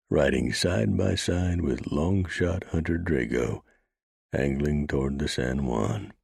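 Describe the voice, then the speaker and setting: A man narrating a western audiobook in a steady, measured storytelling voice. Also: rumbling low, creaky, breathy edge, dry recording, studio quality.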